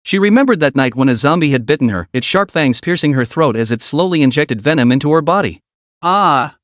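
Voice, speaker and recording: A man narrating a comic story recap in a dramatic, even read. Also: on the high side, quick pace, dry recording, studio quality.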